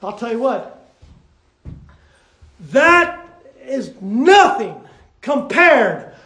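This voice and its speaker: High-voiced preacher man in echoey hall. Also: sing-song, extremely slow. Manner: folksy, builds to shouting. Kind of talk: sermon storytelling. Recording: echoey hall, mic far off.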